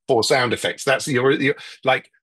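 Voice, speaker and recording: Husky-voiced man, rambling wryly. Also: medium pitch, moderate pace, pushed and bright. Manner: rambling, self-interrupting, wry, breaks into mock voices. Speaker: guest, TV writer. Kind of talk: casual conversation.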